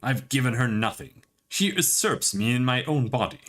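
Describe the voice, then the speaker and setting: A man voicing a haunted young male wizard, recounting in a quiet, measured way. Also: mid-range voice, expressive, natural voice.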